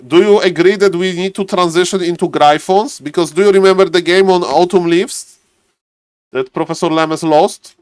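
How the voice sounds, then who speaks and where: A man's voice: sits high, fairly even intonation, moderate pace, clear, resonant tone, no echo, clean studio sound. A man chatting casually on a live stream, greeting viewers by name and thinking aloud as he waits for a match. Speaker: streamer and caster.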